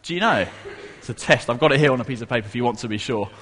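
A man's voice: mid-range voice, expressive, very fast, a bit bright, slightly rough, in a large hall. A man giving an interactive children's Bible talk to a congregation in church, playful and coaxing everyone to join in.

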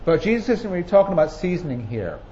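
Pastor preaching, earnest and emphatic; fairly high, mellow male voice; slightly muffled, faint hiss. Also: sing-song, fast. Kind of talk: sermon. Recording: muffled recording with faint noise.

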